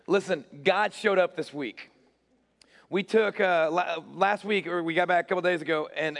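Young male youth pastor, hoarse and nearly voiceless, upbeat and self-mocking, slightly high voice, reverberant church hall. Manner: energetic, self-deprecating, repeats words. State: hoarse, losing his voice. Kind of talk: church announcements and prayer. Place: large church auditorium.

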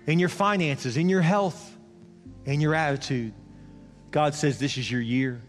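A man's voice: fairly high pitch, a little slow, long pauses. A man preaching a sermon, telling a story with acted dialogue and building to an emphatic call. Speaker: pastor. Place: church auditorium. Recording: large hall reverb with faint music.

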